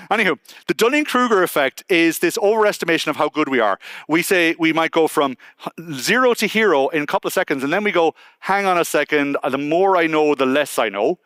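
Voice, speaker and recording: A man's voice: fairly high pitch, no echo. An Irish man speaking at a conference, telling a personal story in a chatty, conversational way and quoting people as he goes. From Ireland. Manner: conversational, quotes people in lively asides. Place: conference hall stage.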